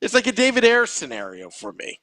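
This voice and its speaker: A man co-hosting a podcast in casual, animated, self-mocking chat. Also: high-pitched, brisk, no room sound, clean studio sound. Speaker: podcast co-host.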